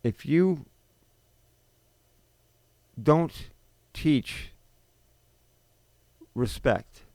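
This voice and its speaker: A man's voice: fairly high pitch, lively intonation, drawn-out words, long pauses, darkish tone, dry recording. A man in his fifties hosting a talk show, delivering an unscripted, indignant monologue full of rhetorical questions and restarts. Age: 50s. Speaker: podcast host.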